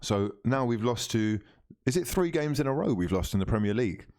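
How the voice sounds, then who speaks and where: A man's voice: mid-range voice, expressive, fairly quick, a little mellow. A young man hosting a live football watchalong, commenting on the game as he reacts to it, pleading with the players, scolding them and swearing often.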